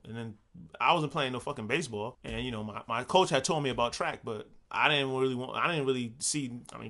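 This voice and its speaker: A young man telling a personal story in a casual, animated way, laughing often and swearing casually. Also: medium pitch.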